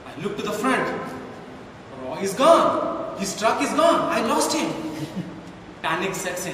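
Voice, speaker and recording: Animated man telling a humorous speech. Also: high-pitched, slow pace, pauses often, slight background noise. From India. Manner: animated storytelling, acting out dialogue. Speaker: contest speaker. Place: hall with a live audience. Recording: echoey hall from far off.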